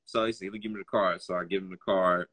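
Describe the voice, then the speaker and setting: Low-voiced man telling stories animatedly. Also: quick pace. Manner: animated, acts out other people's lines in a raised voice. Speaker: guest telling personal stories. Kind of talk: casual conversational storytelling.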